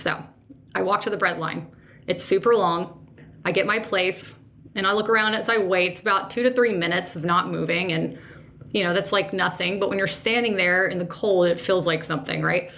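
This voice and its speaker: A woman hosting a podcast, telling a personal story in an animated, emotional way and second-guessing herself aloud. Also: mid-range voice, a little hiss or hum. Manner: emotional, sensitive. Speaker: podcast host.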